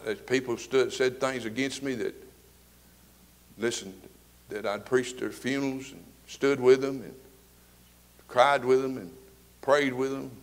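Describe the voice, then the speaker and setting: A man, preaching a fervent sermon to his congregation, swinging between loud and soft. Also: mid-range voice. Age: 70s. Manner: fervent preaching with rising and falling volume. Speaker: pastor. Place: church sanctuary with congregation.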